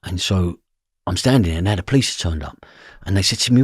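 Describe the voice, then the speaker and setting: A man's voice: low-pitched, expressive, quick pace, husky, no room sound, studio quality. A man telling a story from his past, blunt and swearing freely, often asking "do you know what I mean". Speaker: podcast guest. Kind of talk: personal storytelling.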